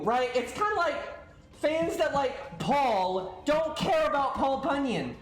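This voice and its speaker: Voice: high voice, big pitch swings, takes it slowly, a bit bright, roomy sound. A streamer on a livestream, ranting, swearing and stammering out of exasperation. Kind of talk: livestream rant.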